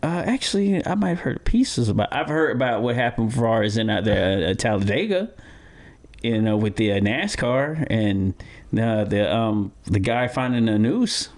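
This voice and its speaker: A man's voice: medium pitch, expressive, moderate pace. Rambling, stammering male podcast host. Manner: rambling, repeats words and restarts often. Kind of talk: casual podcast chat and storytelling.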